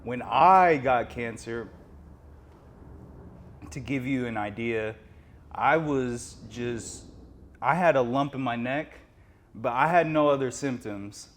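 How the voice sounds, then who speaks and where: A man hosts a podcast interview, speaking in a relaxed, conversational manner. His voice is mid-pitched for a man and easy-going. He tells his own story casually. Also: takes it slowly, pauses often. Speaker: podcast host.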